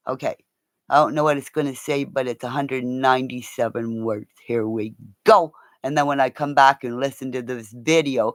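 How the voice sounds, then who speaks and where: A woman's voice: normal speed, no room sound, clean studio sound. A woman hosting a casual livestream, rambling and swearing as she chats to her viewers by name. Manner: rambling, profane, talks to viewers; animated, jumps between high and low tones. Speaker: livestream host.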